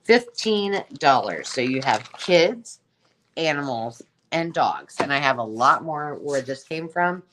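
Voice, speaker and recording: A woman's voice: extremely low pitch, animated, slow, noisy background. Chatty woman rambling through a live sale. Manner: rambling, chatty, exclaiming over items. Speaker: host selling craft supplies. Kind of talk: casual live sale chat.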